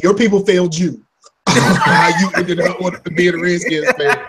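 A man's voice: sits high, fairly even intonation, a little slow, heavy background noise. A man co-hosting a podcast in casual chat, talking bluntly with joking trash talk and rambling, restarting his sentences. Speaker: podcast co-host.

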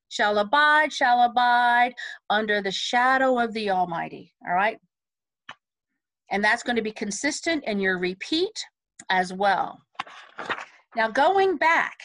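A woman vocal coach patiently explaining song phrasing over a video call, speaking lyrics in a measured, instructive way. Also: mid-range voice, a bit bright, no room sound, low-quality recording. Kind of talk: music lesson, talking through song phrasing. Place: home setup on a video call.

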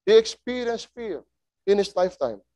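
A man preaching a sermon in a slow, emphatic way, asking his listeners rhetorical questions. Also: high voice, sing-song, warm tone, no room sound, studio quality.

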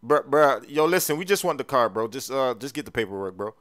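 A man roleplaying a car buyer in a game, excitable and full of slang, calling everyone bro. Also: medium pitch, brisk.

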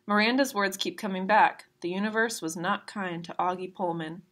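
Woman reading a chapter book out loud, steady and plain, mid pitch. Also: normal speed. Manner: steady, plain read-aloud pace with brief asides. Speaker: reader of a novel. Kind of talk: reading a novel aloud.

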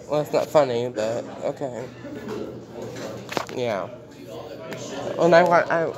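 A man giving casual commentary while reading news headlines aloud, exclaiming often and repeating himself in outrage. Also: medium pitch. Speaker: commentary vlogger.

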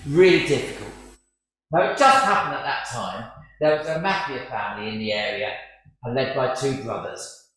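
A man's voice: on the high side, normal speed, fairly bright tone. A man preaching a sermon, a chatty, self-deprecating storyteller. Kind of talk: sermon with humour. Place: large church. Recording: very echoey church.

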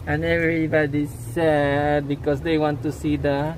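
Slow-talking man in outdoor noise. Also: on the high side, little pitch movement. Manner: slow, halting commentary with restarts. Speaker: family vlogger. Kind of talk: casual family vlog narration. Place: outdoors by a car in the rain.

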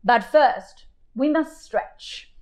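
A self-assured storybook lion coach, put on by a woman reader, dry and unimpressed as he hands out lessons. The voice sits fairly high and moves unhurried, every instruction deliberate. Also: animated, darkish tone, full character voice. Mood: instructing.

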